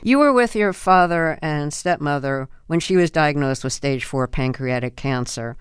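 A radio interview host asking measured questions and introducing clips. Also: medium pitch, animated, clean tone, no echo, clean studio sound.

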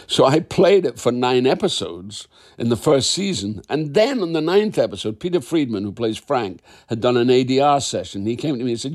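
A man's voice: medium pitch, normal speed. An older man with a Scottish accent, a guest in an interview, telling stories animatedly and often restarting his sentences. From Scotland. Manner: animated, acts out quoted dialogue, restarts mid-sentence. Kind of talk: conversational interview storytelling.

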